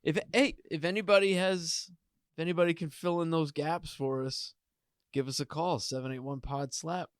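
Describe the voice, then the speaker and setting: A man co-hosting a podcast in casual comedy banter, easygoing and quick to laugh. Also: a little high, fairly even intonation, no echo, clean studio sound. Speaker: podcast co-host.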